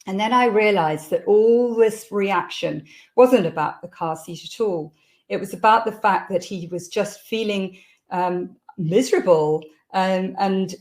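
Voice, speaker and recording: A middle-aged woman, a parenting coach telling a candid personal story to camera. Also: medium pitch. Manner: candid storytelling that acts out quoted shouts.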